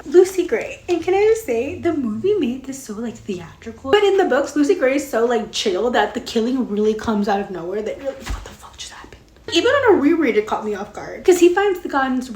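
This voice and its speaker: A woman's voice: on the high side, a little mellow, slight background noise. Chatty woman in an echoey room. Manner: chatty and profane, full of "like". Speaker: book reviewer. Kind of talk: casual book discussion with read-aloud passages. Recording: roomy echo.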